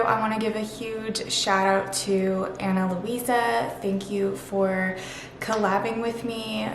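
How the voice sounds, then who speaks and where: A woman's voice: medium pitch, slight background noise. A woman vlogger talking casually and gushing about things she loves, chatty and upbeat. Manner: gushing, chatty, lots of "super" and "literally". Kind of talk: casual sponsored vlog talk. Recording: echoey room.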